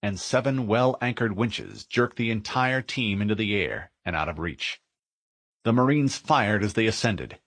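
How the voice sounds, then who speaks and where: A man narrating a military science-fiction audiobook in a vivid, expressive storytelling manner. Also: lowish voice, measured pace, no echo, clean studio sound.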